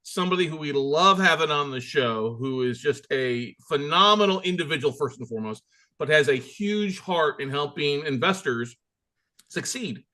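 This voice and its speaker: Hyped-up bright-voiced male host. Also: a little high, expressive, moderate pace. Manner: hyped, enthusiastic, emphatic. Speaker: podcast host. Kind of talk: energetic show interview.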